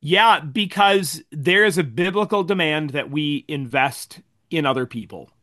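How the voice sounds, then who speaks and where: A man with a bright, forceful tone, set a little higher than most men. He speaks up earnestly on a faith panel in a casual discussion and laughs easily. His voice sounds close and dry, with no room around it. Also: no room sound. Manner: earnest and expansive, quick to laugh.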